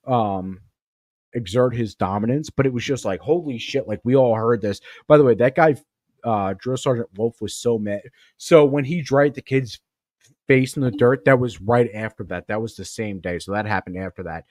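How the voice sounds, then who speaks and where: Profane rambling podcast host, low voice. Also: male voice, normal speed, a little mellow, dry recording, clean studio sound. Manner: profane, rambling anecdotes with tangents. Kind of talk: casual storytelling.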